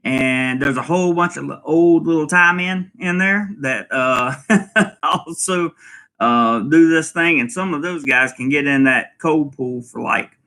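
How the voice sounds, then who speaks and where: Bright-voiced man chatting casually. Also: fairly high pitch, unhurried. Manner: rambling, many fillers, chuckles often. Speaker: vlog host reading viewer comments. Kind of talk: casual live-stream chat.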